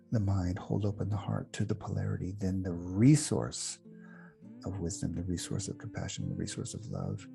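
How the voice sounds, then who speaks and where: A man teaching a spiritual meditation workshop, talking in an unhurried, earnest way with frequent fillers and restarts. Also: fairly low pitch, vocal fry, mellow, breathy edge. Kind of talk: reflective spiritual workshop talk.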